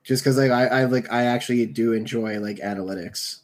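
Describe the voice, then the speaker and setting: A young man co-hosting a casual podcast in a mid-pitched everyday voice. His talk is loose and filler-heavy, with "like" in nearly every phrase. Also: steady tone, brisk. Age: young adult. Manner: filler-heavy, says "like" constantly. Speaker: podcast co-host.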